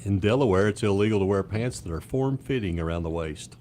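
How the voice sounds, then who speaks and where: A man's voice: lowish voice, expressive, a little fast, warm tone, a little hiss or hum. A man co-hosting a radio morning show, answering in dry, brief replies. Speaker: radio co-host. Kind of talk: casual radio banter. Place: radio studio. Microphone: studio microphone.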